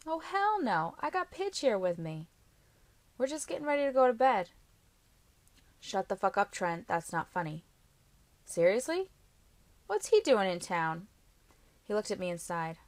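A woman's voice: mid-range voice, sing-song, a little slow, long pauses, no room sound. A woman voicing a cocky young fighter who talks bluntly and teasingly to his girlfriend, in an audiobook reading. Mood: irritated. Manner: teasing, blunt, swears easily.

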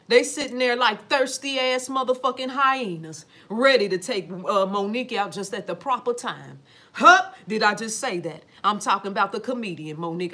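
A woman with a slightly high voice talks straight to her viewers. She is animated and preachy, swears freely and keeps asking rhetorical questions. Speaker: vlogger. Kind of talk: casual talk to camera.

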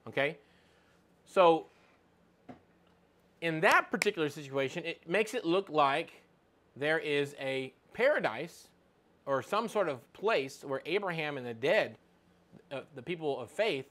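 Here a man speaks a little high, with a fairly bright tone. In a conversational way, he delivers an informal Bible lesson, reading passages aloud and hunting for verses as he goes.

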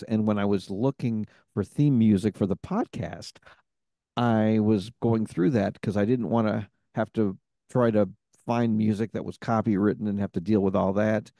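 A podcast host telling stories in a casual chat, rambling with many fillers. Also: male voice, fairly low pitch, vocal fry, warm tone, dry recording, clean studio sound.

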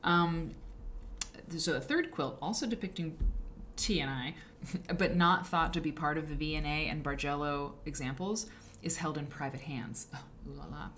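A woman's voice: low voice, moderate pace, a bit bright, a little hiss or hum. A woman hosting a live stream, chatting casually and rambling with frequent asides and self-corrections. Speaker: livestream show host. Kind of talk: casual live-stream talk about quilt history.

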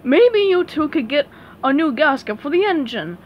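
A menacing ghost pirate captain, as a woman reading aloud puts him on. He booms his lines in a loud pirate manner, a storybook villain rather than a full growl. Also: big pitch swings, normal speed, highs cut off, slight background noise. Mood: bargaining. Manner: booming pirate talk.

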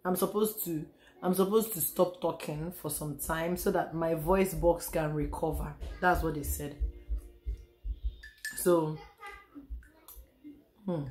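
Nigerian woman, home vlogger, lowish hoarse voice, chatty and rambling. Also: fairly even intonation, slow, long pauses, darkish tone, faint music behind. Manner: chatty, repeats herself, sighs and trails off. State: hoarse, losing her voice. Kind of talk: casual home vlog chat. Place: room at home.

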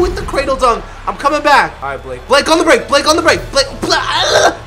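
A young man commentating his own basketball video game play, excitable and yelling at his players, then dropping to a mutter. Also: very high voice, a little fast, music in the background, crowd noise. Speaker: gaming video creator. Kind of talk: live gameplay commentary.

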